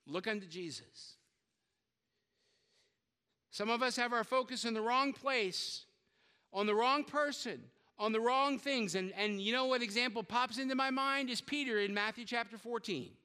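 Preacher guy, really high bright voice, bounces all over, big echoey hall. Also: moderate pace, clean tone. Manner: lively storytelling, acting out quotes, joking with the congregation. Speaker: pastor. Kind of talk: sermon.

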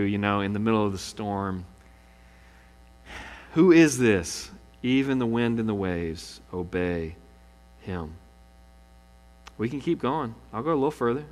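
A man's voice: mid-range voice, fairly bright tone, big-room sound. A male pastor preaching a sermon, telling stories with animation and acting out the quoted lines.

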